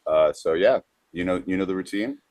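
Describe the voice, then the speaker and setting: A podcast host with a low voice, easygoing and offhand, breezing through his lines. He sounds relaxed and unhurried. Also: no echo. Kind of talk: casual chat.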